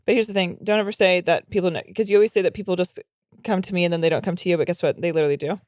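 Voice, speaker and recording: A woman's voice: lowish voice, fairly even intonation, rapid-fire, a little mellow, no room sound. A young adult woman co-hosting a comedy podcast, chatting casually in a rambling, profane way full of fillers. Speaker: podcast co-host.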